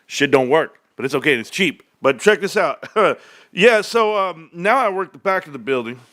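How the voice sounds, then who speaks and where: A middle-aged man hosting a casual livestream, energetic and animated, laughing often. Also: fairly high pitch, brisk, no room sound, studio quality. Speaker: livestream host.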